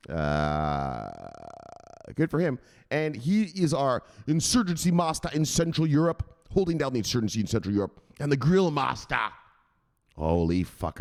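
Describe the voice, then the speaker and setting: An American man hosts a crypto news vlog in a loose, rowdy style. His voice leaps all over the place in pitch as he jokes, laughs and shouts catchphrases at his viewers. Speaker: crypto news channel host. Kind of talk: casual livestream-style vlog chat.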